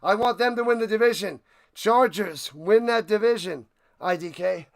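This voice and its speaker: Hoarse high-voiced guy yelling on a sports stream, gravelly, out of breath, keeps repeating himself. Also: moderate pace. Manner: hyped, shouting, repeats phrases. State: hoarse, losing his voice. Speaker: live-stream watch party host. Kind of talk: excited live-stream sports commentary.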